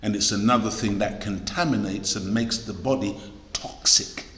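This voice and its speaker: His voice sits on the low side, a bit bright and steady, moving at normal speed as he preaches to a congregation. The man exhorts emphatically, leaning on repeated key words. Heard as a preacher or lecturer, he's in a large hall where the recording echoes with long reverb.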